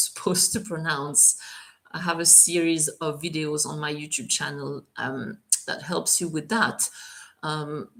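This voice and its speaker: A woman teaching French on a live stream, talking in a relaxed, chatty way full of fillers. Her voice sits low and she takes her time. She slows right down to spell out careful French examples. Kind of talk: live Q&A tutoring session.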